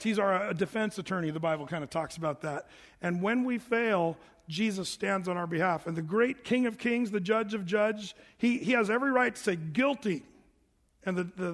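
Guy preaching, reads the bible out then chats about it, high voice, long reverb. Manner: reads scripture aloud, then explains it in a casual, animated way. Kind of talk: evening Bible study sermon.

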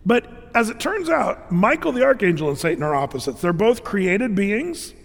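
A man's voice: sits high, big pitch swings, normal speed, gravelly, long reverb tail. A man, a pastor, preaching a sermon in a loose conversational way, full of fillers and sudden emphatic rises.

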